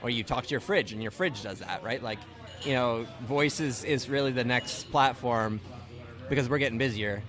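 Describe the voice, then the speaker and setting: A man's voice: medium pitch, normal speed, fairly bright tone, faint music behind. A man from Ontario hosting a podcast, chatting casually and peppering his talk with "like" and "right.". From Ontario, Canada. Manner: chatty, many filler "like" and "right". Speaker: podcast host. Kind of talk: casual chat.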